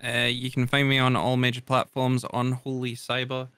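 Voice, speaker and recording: Bright-voiced man in a dry room. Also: medium pitch, normal speed, smooth, dry recording. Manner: relaxed, swears casually. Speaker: podcast co-host and streamer. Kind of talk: casual chat.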